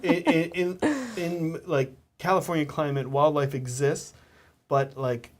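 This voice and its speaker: A man's voice: a little high, steady tone, unhurried. Hesitant male host, casual chat, many fillers and restarts.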